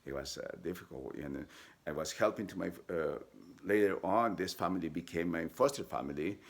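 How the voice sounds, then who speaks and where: A man with a deep, gravelly voice tells his own story in a personal storytelling style. He talks haltingly, with frequent fillers and restarts. He jumps into high, lively voices when he quotes other people. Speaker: vlogger telling his life story.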